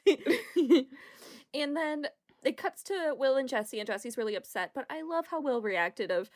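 Young female co-host, slightly high voice, expressive, salty casual talk. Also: a little slow. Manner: expressive, swears freely, acts out quotes. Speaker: podcast co-host. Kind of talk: casual chat recapping a reality show.

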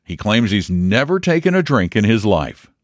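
A man's voice: on the low side, very animated, moderate pace, dry recording, clean studio sound. A man voicing an earnest, agreeable young man who is a little drunk by the fire.

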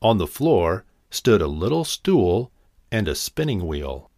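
A man narrating a fairy tale in an expressive, animated reading. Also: deep voice, takes it slowly, no echo, clean studio sound. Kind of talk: storybook narration.

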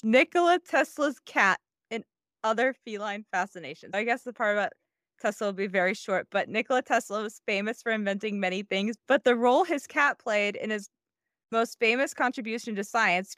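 A woman co-hosts a casual podcast over a remote call, with a fairly high voice. She talks in an excitable, freewheeling way and swears freely. Her sound is dry and close. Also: clear, resonant tone, no room sound. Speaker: podcast co-host.

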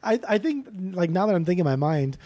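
A man co-hosting a podcast, talking in an animated, mocking casual way and swearing often. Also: high voice, quick pace, dry recording. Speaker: podcast co-host. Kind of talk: casual chat.

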